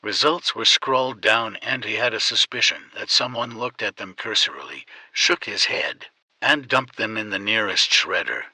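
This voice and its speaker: A man narrating an audiobook in a steady, measured storytelling manner. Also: on the low side, breathy edge, dry recording, low-quality recording.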